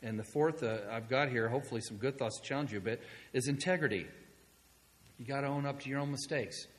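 A male pastor preaching a sermon in a conversational storytelling manner, moving between hushed asides and loud, excited passages. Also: medium pitch, quick pace, in a large hall.

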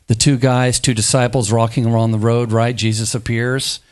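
Animated man preaching a sermon. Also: medium pitch, moderate pace. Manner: animated, acts out biblical dialogue in playful voices.

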